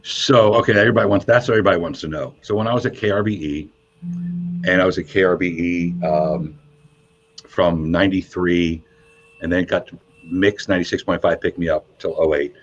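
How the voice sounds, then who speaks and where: Veteran radio DJ guest, low husky voice, animated raconteur, slightly dull lo-fi sound. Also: male voice, a little fast. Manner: animated storyteller, voices quotes with high pitch jumps. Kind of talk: casual storytelling interview. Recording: muffled lo-fi sound.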